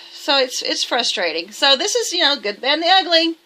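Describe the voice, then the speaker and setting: Bright-voiced woman vlogging emphatically. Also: high voice, big pitch swings, brisk. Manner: emphatic, defensive, rambling with restarts. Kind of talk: casual monologue to camera.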